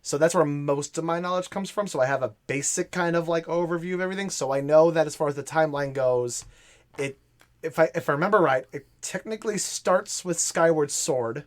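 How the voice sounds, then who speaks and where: A man's voice: fairly high pitch, a little fast. A man co-hosting a casual podcast, joking and swearing with incredulous reactions. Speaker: podcast co-host.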